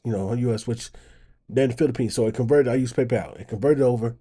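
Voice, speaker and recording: Guy reacting to clips on his channel, dark mellow voice, gets loud and animated making his point. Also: mid-range voice, fast talker, breathy edge. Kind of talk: casual commentary.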